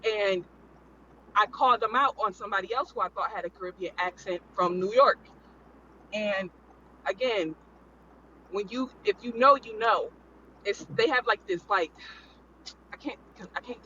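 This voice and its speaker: A man with a very high, bright voice talks in rambling bursts, hammering his points by repeating them. The recording is slightly muffled, with faint noise underneath. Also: moderate pace, pauses often. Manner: rambling, emphatic, repeats himself. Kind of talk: casual panel chat.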